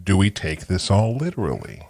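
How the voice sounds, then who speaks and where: A man hosting a casual podcast, an animated storyteller who acts out voices in his jokes. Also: deep voice, fairly quick, creaky. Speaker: podcast host. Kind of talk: casual chat.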